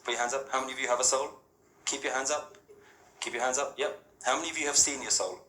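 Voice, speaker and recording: In an echoey hall with faint ambience, a spiritual speaker talks fast to a live audience, his mid-range voice pushed and bright with fairly even intonation. He chats casually, asks rhetorical questions, and keeps dropping in "yeah?" and "right?" to check in.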